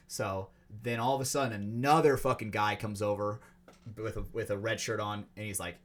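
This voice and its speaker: Profane, animated man telling a story. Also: lowish voice, normal speed. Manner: animated, profane, acts out quotes. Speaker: podcast co-host. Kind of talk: casual storytelling.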